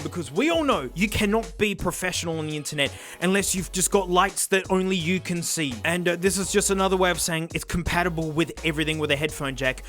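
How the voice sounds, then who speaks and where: An excitable Australian man hosts a comedic headphone review and roasts each product with sarcasm and frequent laughter. His voice is high and bright, with a forceful edge. Faint music plays underneath. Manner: excitable and sarcastic, laughing, with big pitch swings. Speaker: host reviewing cheap headphones.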